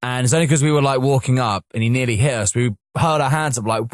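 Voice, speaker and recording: A man co-hosting a comedy podcast, telling an anecdote in lively casual chat and acting out other people's lines. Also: mid-range voice, fast talker, few pauses, dry recording, studio quality. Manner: lively storytelling, acts out voices. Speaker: podcast co-host.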